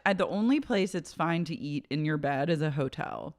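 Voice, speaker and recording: Podcast co-host, woman, lowish voice, quick wry gossip with acted-out quotes. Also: lively intonation. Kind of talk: casual chat recapping reality TV.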